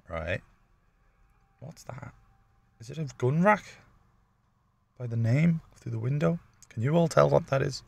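A man with a gravelly morning voice, chatting casually and swearing as he comments on his gameplay. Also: lowish voice, no room sound. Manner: chatty, swears often, jokey asides. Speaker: gaming YouTuber.

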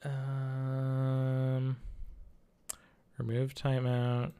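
A man streaming a game from home, talking to his chat in an unhurried, gravelly voice. He sounds apologetic and flustered and laughs a lot, with keyboard clicks faintly behind him. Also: medium pitch, monotone, warm tone. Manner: chatty, reads and answers chat. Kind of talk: casual live-stream chat while gaming.

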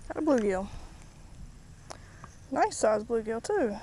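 A woman's voice: on the high side, big pitch swings, slow pace, mellow, slight background noise, rough recording. A woman vlogging outdoors by the water, casually narrating each catch and chatting to the fish as she unhooks them. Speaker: fishing vlogger. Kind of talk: casual play-by-play while fishing.

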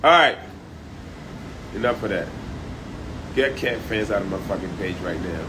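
A man's voice: normal speed, slight background noise, low-quality recording. Brash, mocking male comedian ranting. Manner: brash and mocking, with sudden loud high outbursts. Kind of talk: profane comedic rant to camera.

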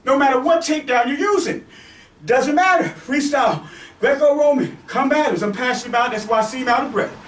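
Male self-defense instructor, very high voice, repetitive check-ins while demonstrating; echoey space, distant mic. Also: a little fast, fairly bright tone. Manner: repetitive, checks in with "okay?" and "right?"; demonstrating moves on a partner. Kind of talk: teaching demonstration. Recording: echoey room, mic far off.

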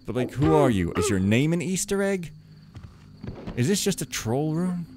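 A man with a slightly high, darkish, sing-song voice talks at a moderate pace. Hosting a let's play, he offers rambling, wry, joking commentary to himself as he plays, backed by game music.

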